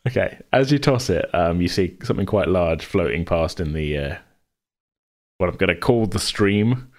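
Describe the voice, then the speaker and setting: A man's voice: low voice, animated, normal speed. A man narrating as game master of a tabletop role-play, with dry, laughing asides.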